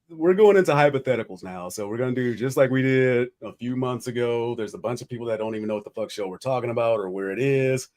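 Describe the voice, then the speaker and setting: A man's voice: medium pitch, darkish tone. A loose, profane man hosting a podcast. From United States. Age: 40s. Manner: profane, rambling, laughs often. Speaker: podcast host. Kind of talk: casual chat.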